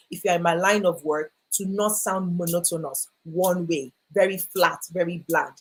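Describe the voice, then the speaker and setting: A woman's voice: mid-range voice, breathy edge. A woman speaking at a live online workshop, encouraging and repetitive, reading viewers' comments aloud. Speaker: voice coach speaker.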